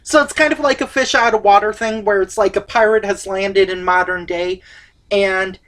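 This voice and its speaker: A woman's voice: medium pitch, fairly even intonation, normal speed, a bit bright. A woman co-hosting a casual movie review chat, rambling with many fillers. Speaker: co-host of a movie review show.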